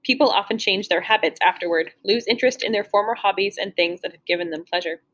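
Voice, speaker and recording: A young adult woman narrating a first-person novel as an audiobook reader, in a steady storytelling read with the odd slip and restart. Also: medium pitch, fast talker.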